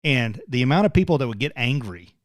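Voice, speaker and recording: A man's voice: medium pitch, animated, quick pace, no echo, studio quality. A man co-hosting a casual live-stream chat, telling everyday stories and laughing easily. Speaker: co-host.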